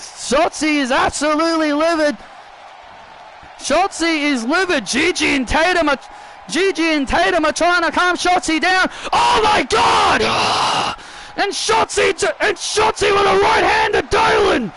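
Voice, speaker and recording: A man giving excited play-by-play commentary on a wrestling video game, often repeating and restarting his phrases. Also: very high-pitched, measured pace, heavy background noise. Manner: repeats and restarts phrases, shouts at big moments.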